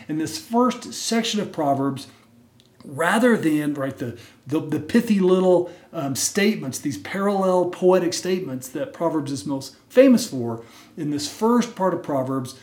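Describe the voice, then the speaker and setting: A man with a slightly high voice preaches from the pulpit, stressing his points and tossing in quick "right?" asides. His voice rings through an echoey church sanctuary. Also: a little mellow. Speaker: pastor. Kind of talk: sermon.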